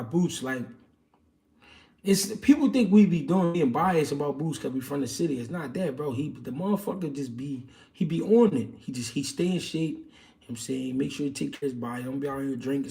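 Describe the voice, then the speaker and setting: A man's voice: mid-range voice, brisk, creaky, darkish tone, far from the mic. A man hosting a livestream, answering viewer questions in casual, slangy boxing chat with loose street talk and many fillers.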